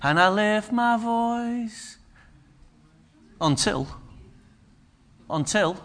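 A man's voice: fairly high pitch, a bit bright. A man preaching a sermon, conversational and humorous with emphatic turns.

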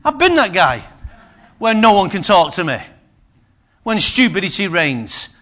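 A man's voice: sits high, very animated, a little slow, fairly bright tone. A man preaching a sermon, conversational and humorous with emphatic turns.

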